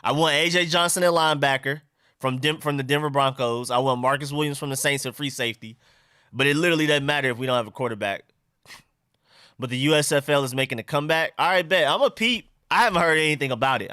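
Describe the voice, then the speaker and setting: A man's voice: mid-range voice, quick pace, bright, forceful tone, clean tone, no room sound, clean studio sound. A young man hosting a live stream, chatting loosely and reading out viewer comments. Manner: loose and conversational, reads out chat comments. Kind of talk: casual live-stream chat.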